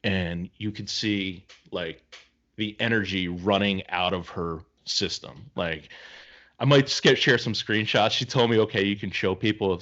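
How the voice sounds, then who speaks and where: A deep-voiced man co-hosts a casual podcast, spinning a story with lively acted-out voices for the people in it. The audio is a little dull and lo-fi. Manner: animated storyteller acting out quoted voices. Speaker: podcast co-host.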